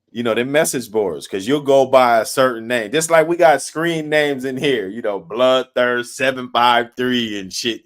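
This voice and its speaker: A man hosting a casual stream, swapping stories in loose slang. He laughs often and swears freely, his voice sitting at an ordinary middle pitch. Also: a bit bright. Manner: acts out quoted people in a raised voice. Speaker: host. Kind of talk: casual live-stream storytelling.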